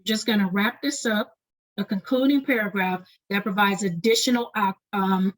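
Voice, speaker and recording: A woman leading an online lecture on doctoral writing, talking fast and often checking in with "right?". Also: medium pitch, poor audio. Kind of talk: webinar lecture.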